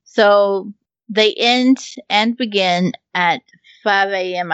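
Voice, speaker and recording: A woman's voice: medium pitch, slow pace, a bit bright, smooth, no room sound. Chatty, swearing woman on a dull mic. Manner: chatty, laughs often, swears freely, many ums. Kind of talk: casual chat. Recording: dull lo-fi recording.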